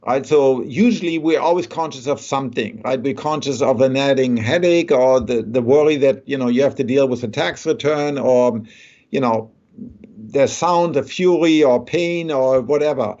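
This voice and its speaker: A man's voice: medium pitch, normal speed, darkish tone. A man, a neuroscientist guest thinking aloud in a conversational interview. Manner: thoughtful, explains with many rhetorical "right?". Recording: dull lo-fi sound.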